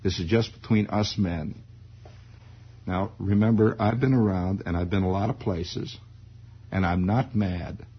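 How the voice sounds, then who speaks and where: A man with a raspy, gravelly voice playing a stern middle-aged father who coaxes slowly and quietly. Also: steady tone, heavily acted. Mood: coaxing. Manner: low, slow, soothing but pressing. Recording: dull lo-fi recording.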